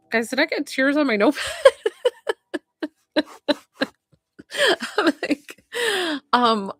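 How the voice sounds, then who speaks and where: A woman medium streams a psychic reading straight to her viewers, her voice gushing and often close to tears. She talks casually, full of "like" and "um." Her mid-pitched voice sounds dry and close, with no room echo. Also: creaky, fairly bright tone. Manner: gushing, emotional, heavy use of "like" and "um".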